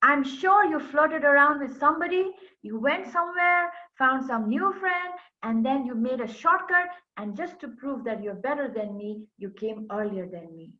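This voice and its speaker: A woman's voice: fairly high pitch, animated, takes it slowly, a bit bright, lo-fi sound. A woman voicing a proud, hot-tempered young male river spirit in a told folk tale. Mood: furious. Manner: boastful, then furious and accusing.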